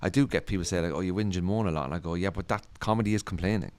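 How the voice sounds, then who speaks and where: A man's voice: low voice, racing, smooth. A man, a comedian chatting as a podcast guest in a rambling, self-deprecating way. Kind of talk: casual podcast chat.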